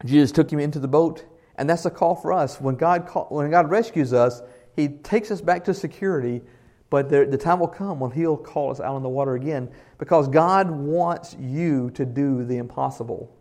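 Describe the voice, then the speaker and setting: An earnest male pastor preaches a sermon in a somewhat high voice. He grows loud and emphatic, then drops to soft tones. He puts questions to the congregation. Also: moderate pace.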